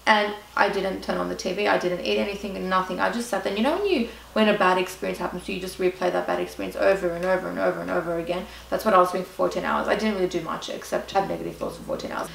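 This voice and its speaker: Fast-talking Australian woman vlogger. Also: fairly low pitch, steady tone, gravelly, roomy sound, recorded from a distance, a little hiss or hum, poor audio. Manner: chatty, dramatic, full of "like". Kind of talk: storytime vlog.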